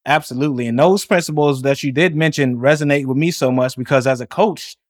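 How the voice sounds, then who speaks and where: A man's voice: mid-range voice, brisk, no room sound, studio quality. A man who hosts a podcast and works as a coach, affirming his guest and asking questions. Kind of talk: interview host.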